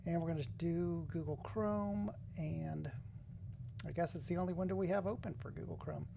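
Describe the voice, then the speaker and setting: Gravelly-voiced man chatting on a livestream. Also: on the high side, fairly even intonation, moderate pace, noisy background. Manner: chatty, greets viewers by name. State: runny nose. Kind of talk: casual live stream chat.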